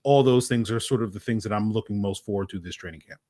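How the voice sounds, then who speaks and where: Measured man on a dry mic. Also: fairly low pitch, mellow, no echo. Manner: measured and thoughtful, with some fillers. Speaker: podcast co-host. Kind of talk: sports talk podcast.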